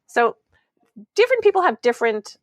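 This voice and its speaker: A woman's voice: on the high side, sing-song, a little fast, no echo. A middle-aged woman talking candidly as a guest author in a casual interview. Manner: candid, acts out her own outbursts.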